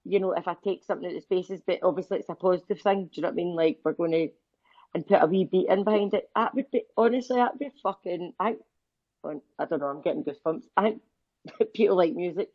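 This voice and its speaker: A woman talks bluntly and emphatically, swearing freely in a casual chat. Her voice sits a little low. The sound is dry and muffled, like a lo-fi online voice chat. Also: quick pace, no room sound. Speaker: live audio room speaker.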